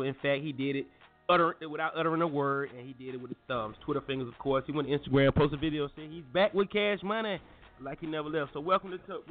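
A joking, slangy man hosting a casual morning show, his voice sitting a little high. The sound is tinny and phone-like, with faint music under it. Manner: loose, joking, slangy, with laughs and restarts.

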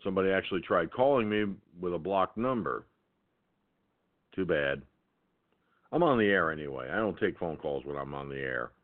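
A man's voice: low-pitched, expressive, normal speed, pauses often. Profane ranting man on a phone line. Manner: profane, angry storytelling. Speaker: internet radio show host. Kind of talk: ranting monologue. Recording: tinny phone-line sound.

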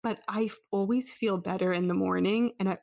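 Gravelly-voiced woman host, chatty. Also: medium pitch, brisk, dry recording, studio quality. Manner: relaxed, affirming, chatty. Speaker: podcast host. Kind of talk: casual interview chat.

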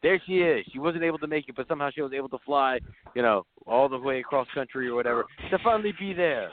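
A man's voice: mid-range voice, expressive, fast. A man co-hosting a podcast, chatting in a laid-back way and giggling between remarks. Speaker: podcast co-host. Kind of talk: casual chat. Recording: phone-like call audio with faint noise.

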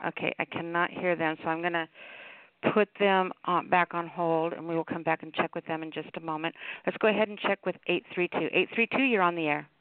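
A woman's voice: fairly low pitch, fairly even intonation, brisk, smooth, no room sound. A woman hosting a call-in radio show, taking callers in a friendly, familiar way. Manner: friendly, calls callers hon and sweetheart. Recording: tinny phone line.

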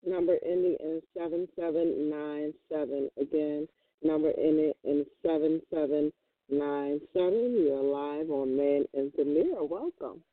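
Host on a dry tinny line. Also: female voice, deep voice, no echo. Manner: gentle, reflective, halting with fillers. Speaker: radio show host. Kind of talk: call-in gospel radio hosting.

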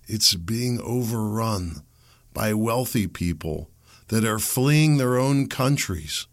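Brief: male podcast host, low-ish voice with a bright edge, punchy rhetorical commentary. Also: unhurried. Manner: emphatic, rhetorical questions. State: a little out of it after the steam room. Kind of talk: commentary monologue.

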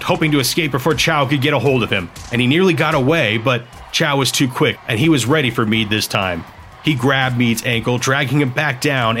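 Give me a man narrating a science fiction audiobook in a steady, even storytelling voice, with faint music playing behind him. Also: medium pitch. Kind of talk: scripted narration.

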